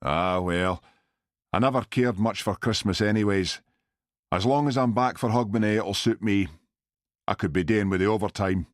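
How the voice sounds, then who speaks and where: Guy narrating as a curt glasgow-accented cop boss, low and dry. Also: moderate pace, dry recording, lightly acted. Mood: gruff. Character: gruff Glasgow police chief inspector, sulky and rude. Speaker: audiobook narrator.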